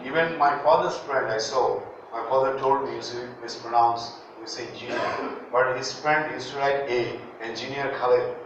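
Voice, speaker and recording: A man's voice: medium pitch, fairly even intonation, normal speed, background noise. A Bangladeshi man, a native Bengali speaker, teaching English pronunciation in a classroom, saying words for students to repeat and joking as he goes. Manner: drills words for students to repeat, jokes and chuckles. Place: large classroom. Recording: very echoey, distant, muffled room recording.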